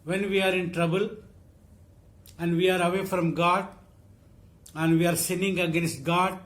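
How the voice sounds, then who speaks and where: A man preaching a sermon, reading scripture and repeating phrases slowly for emphasis. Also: high-pitched, fairly even intonation, a bit bright.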